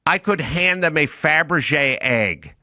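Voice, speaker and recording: A man's voice: a little high, lively intonation, unhurried, pushed and bright, no echo, studio quality. A middle-aged man co-hosting a podcast, telling stories in an emphatic, ranting way. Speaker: podcast co-host. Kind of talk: casual chat.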